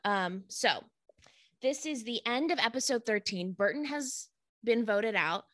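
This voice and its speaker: Bright-voiced woman co-host, fiercely ranting. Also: fairly high pitch, animated, a little slow, no room sound, studio quality. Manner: heated, profane ranting. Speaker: podcast co-host. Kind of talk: casual chat.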